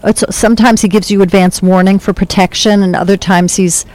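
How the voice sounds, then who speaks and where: A woman working as a psychic medium, talking in a gentle, soothing way with a rambling flow in a studio. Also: mid-range voice, steady tone, fairly quick, rough recording. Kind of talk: spiritual reading, casual chat.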